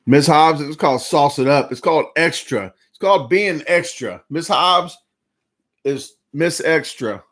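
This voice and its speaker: A man's voice, high-leaning and fairly bright, unfolds at a measured pace in a casual live-stream chat. Still full and sluggish from a big eating challenge, he rambles on and calls out viewers' names.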